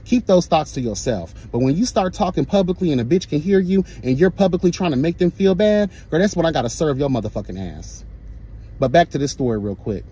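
A man telling a story in a sassy, profane, animated storytime rant. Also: fairly high pitch, fairly quick, slightly rough. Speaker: vlogger.

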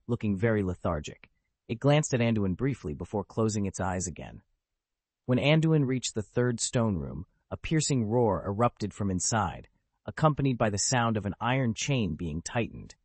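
A man's voice: on the low side, darkish tone, breathy edge, no echo. A man narrating a web novel as an audiobook, telling the story steadily.

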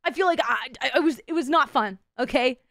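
A woman's voice: high voice, brisk, creaky, fairly bright tone, dry recording, studio quality. A young woman streamer telling a story to her chat in a casual way, swearing a lot, laughing often and playing up her own drama. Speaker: VTuber streamer.

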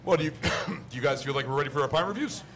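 Man, podcast host, quick talker, asks questions, noisy brewery behind. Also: a little high, a bit bright. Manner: asks the questions, moves the talk on. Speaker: podcast host steering the topics. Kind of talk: casual chat. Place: brewery, live taping.

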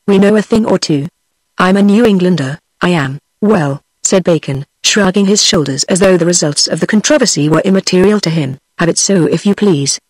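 A text-to-speech woman's voice with a British English accent, reading a novel aloud in a steady, even manner that gives every character the same voice. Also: fairly low pitch, no echo. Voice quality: synthetic, even computer voice. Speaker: audiobook narrator.

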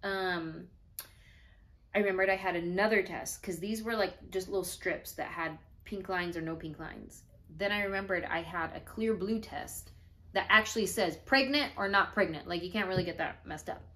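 A pregnant woman telling her own story in a casual vlog, lively, acting out the things people said. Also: on the low side, normal speed. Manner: animated, acts out her own and others' quoted lines.

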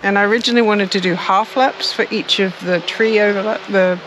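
A woman's voice: medium pitch, steady tone, brisk, background noise. An Australian woman chatting casually in her garden, laughing often and searching for words. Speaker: co-host of a gardening channel. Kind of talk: casual chat. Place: outdoors in a garden.

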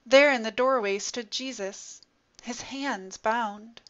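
A woman narrating a story in an expressive, dramatic reading style. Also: a little high, slow. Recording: dull lo-fi recording.

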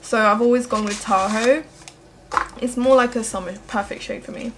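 A woman's voice: a little high, fairly even intonation, moderate pace, noisy background. A young woman chatting through a makeup tutorial as a beauty vlogger, gushing and emotional. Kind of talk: casual makeup tutorial chat.

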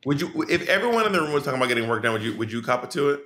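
Casting note: a man, bright-toned sassy podcast co-host, playful teasing recap chat, remote mic. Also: mid-range voice, sing-song, racing. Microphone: remote video call mic.

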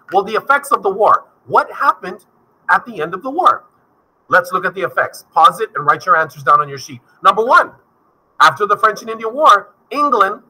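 A male history teacher giving an energetic recorded video lesson, speaking straight to his students. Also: high voice, husky, rough recording. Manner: energetic, addresses students directly.

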